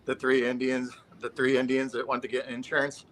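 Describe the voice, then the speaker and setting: Bright-voiced laid-back male guest. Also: mid-range voice, monotone, brisk, a little hiss or hum, rough recording. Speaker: panel guest. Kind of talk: casual chat and joke telling.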